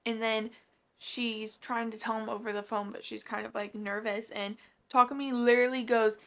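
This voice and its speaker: A woman's voice: fairly high pitch, little pitch movement, moderate pace. A woman book vlogger casually recapping a manga she is reading, with gushing, emotional reactions.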